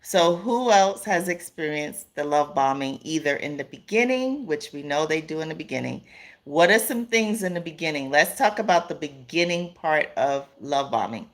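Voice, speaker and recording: A woman's voice: low-pitched, expressive, moderate pace. A woman hosting a live stream in a casual, earnest way, repeating points for emphasis and greeting chat viewers by name.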